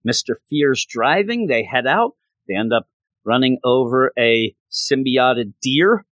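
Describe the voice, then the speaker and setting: An excited man recaps a comic book in a casual, chatty way. His voice sits at a middle pitch, and the sound is dry and close. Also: measured pace, no room sound. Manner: excited, chatty, acts out lines.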